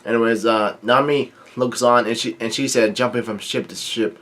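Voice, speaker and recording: Man, casual manga recap vlogger, halting delivery full of ums, mid pitch. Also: steady tone, a bit bright. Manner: halting, with frequent ums and restarts. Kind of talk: casual chapter reading and recap.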